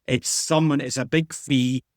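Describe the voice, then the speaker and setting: A man's voice: mid-range voice, fairly even intonation, a little slow, no room sound, studio quality. A man co-hosting a podcast, making an insistent case in casual chat and often restarting his sentences. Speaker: podcast co-host.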